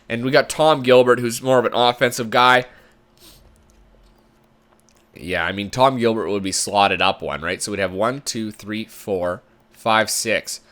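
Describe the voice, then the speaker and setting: Playing a sports management game, this gamer commentator chats and thinks aloud as he goes. His voice is on the low side and a bit bright, and his commentary stays casual.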